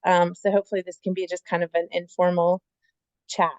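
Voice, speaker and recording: A woman's voice: fairly low pitch, flat delivery, brisk, a little mellow, no room sound, dull audio. A woman in her forties, an oncology nurse, giving an informal, friendly talk with many ums. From Atlanta. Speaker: guest speaker, oncology nurse. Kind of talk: informal presentation.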